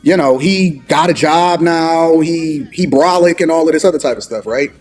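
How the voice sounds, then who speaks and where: A man in his forties telling a story in an animated way, loudly acting out what people said. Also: fairly high pitch, faint music behind. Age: 40s. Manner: rapid, acts out quoted dialogue loudly. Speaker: podcast storyteller.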